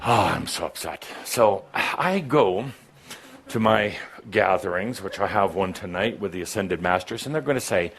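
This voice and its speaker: Theatrical, teasing man with a lively voice. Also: low-pitched, normal speed, vocal fry. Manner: playful, teasing, exaggerated delivery with frequent laughter. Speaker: spiritual teacher addressing a gathering. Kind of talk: theatrical live spiritual talk.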